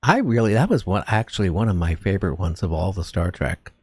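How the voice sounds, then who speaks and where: A man hosting a talk radio interview, asking halting questions with repeated words. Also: sits low, big pitch swings, slightly rough, no room sound.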